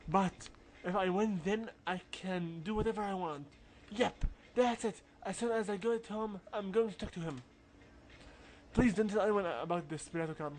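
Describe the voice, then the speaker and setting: A man's voice: high-pitched, moderate pace, a little mellow, close to an everyday voice. A man voicing a stammering, fretful schoolboy. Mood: frustrated, resolved. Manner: reads game dialogue aloud with a put-on accent, stumbling and stammering. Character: anxious teenage schoolboy in the music club. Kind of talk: reading game dialogue aloud.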